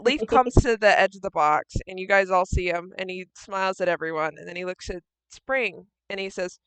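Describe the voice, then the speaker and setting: Bright, crisp woman game master. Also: mid-range voice, moderate pace, few pauses, no room sound. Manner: casual, swears freely, bossy with players. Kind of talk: narrating a tabletop game.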